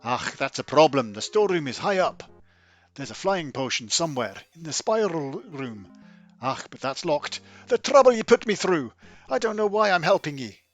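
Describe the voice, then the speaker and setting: A confused old man with a hammy Scottish brogue, as a man reads game dialogue aloud rambles and keeps contradicting himself. The voice sits noticeably higher and louder than the reader's own. He muddles every detail he gives. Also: big pitch swings, moderate pace, soft background music. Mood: muddled. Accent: put-on Scottish. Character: forgetful old male dwarf-like tinkerer.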